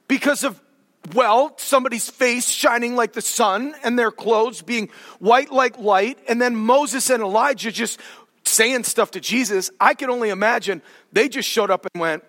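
High-voiced preacher in an echoing hall. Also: male voice, unhurried. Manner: animated, jokey, dramatic shifts in volume. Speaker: pastor. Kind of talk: sermon.

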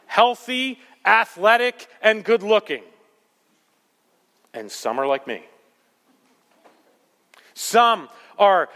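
Man preaching a sermon, bright forceful voice, emphatic swings from loud peaks to quiet asides, long hall reverb. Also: high-pitched. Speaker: pastor.

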